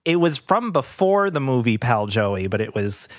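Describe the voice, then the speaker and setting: A man's voice: mid-range voice, sing-song, moderate pace, no echo, studio quality. A man hosting a casual podcast about music, rambling with frequent laughs and restarts. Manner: slips into goofy impressions. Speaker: podcast host.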